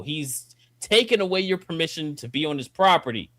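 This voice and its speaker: A man's voice: on the high side, moderate pace, dry recording. Ranting man, dry close sound. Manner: animated, profane ranting that climbs to near-shouting. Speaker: podcast co-host. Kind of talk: casual review chat.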